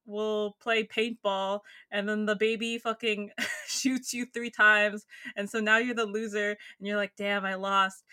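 A podcast co-host with a feminine voice, chatting casually, rambling through stories with laughs and swearing. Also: female voice, mid-range voice, pushed and bright, dry recording, studio quality. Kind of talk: casual chat.

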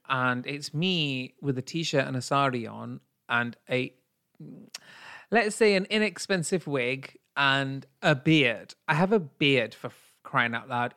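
A man co-hosting a casual podcast with his husband, talking in English, which is not his first language, in an animated, theatrical way that jumps into high squeals. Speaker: podcast co-host. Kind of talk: casual chat.

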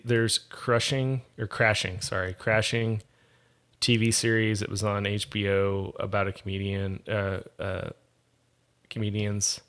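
Low-voiced man, thoughtful co-host. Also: fairly bright tone, clean tone. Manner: thoughtful, self-correcting. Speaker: podcast co-host. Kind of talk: casual chat.

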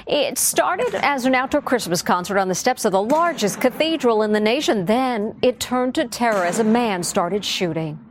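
A woman news reporter reading scripted news in a measured tone. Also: fairly high pitch, lively intonation, slight background noise.

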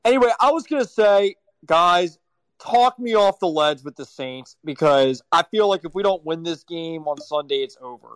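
A man's voice: a little high, expressive, normal speed, clear, resonant tone, no echo. A man on a sports chat panel, giving his opinions with stammered restarts and a worried tone.

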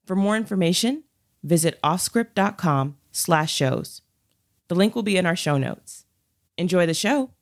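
A woman producer reading a scripted promo for a podcast network. Her voice is very low for a woman. She keeps the delivery even and measured.

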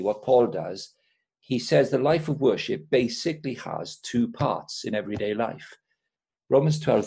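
Gravelly low-voiced man teaching scripture. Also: a little mellow. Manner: earnest, teacherly, enthusiastic. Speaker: guest, Christian sports speaker. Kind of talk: explaining scripture in conversation.

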